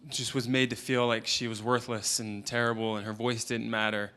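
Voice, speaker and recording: A man's voice: medium pitch, flat delivery, normal speed, pushed and bright, clean tone. A man in his thirties, a parenting expert, giving an earnest motivational talk at a conference event, telling stories and quoting others. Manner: earnest storytelling, quoting a client and his child.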